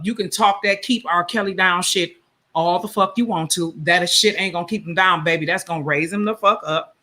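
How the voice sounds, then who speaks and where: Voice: medium pitch, sharp tone. A channel host delivering a heated, profane livestream rant, scolding and lecturing in a confrontational, repetitive way.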